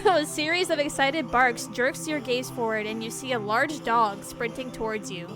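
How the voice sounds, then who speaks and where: A high-pitched woman streamer reads a horror game's text aloud and breaks into quick, jumpy reactions with frequent laughter. Game music plays clearly behind her voice. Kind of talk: live gameplay commentary, reading game text aloud.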